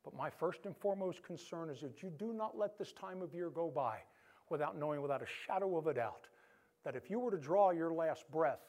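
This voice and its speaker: Male pastor, high-pitched, animated conversational sermon delivery, loud-to-soft dynamics. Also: a little fast. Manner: animated preaching, swinging between loud emphasis and soft hush.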